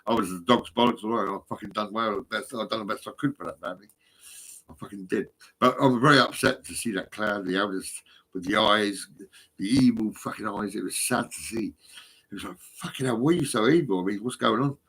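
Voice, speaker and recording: A man's voice: fairly low pitch, brisk, sharp tone, slight background noise. A middle-aged man, talking to his phone in a rambling, profane, agitated monologue that swings between mumbles and outbursts. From England. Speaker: vlogger.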